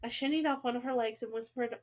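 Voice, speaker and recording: A woman with a high voice reads a novel aloud, stopping often for big dramatic reactions and exclamations. Her reading is lively and expressive throughout. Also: fast. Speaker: book reader.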